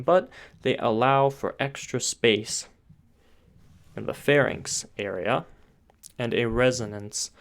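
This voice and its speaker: A man's voice: mid-range voice, clean tone. A man giving an online voice lesson, explaining patiently step by step with occasional filler words. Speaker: voice teacher.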